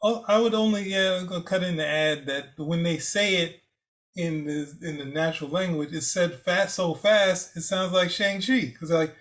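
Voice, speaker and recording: A man's voice: high-pitched, normal speed, a bit bright. Easygoing man co-hosting a film review. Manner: easygoing, laughs as he talks. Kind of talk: casual review chat.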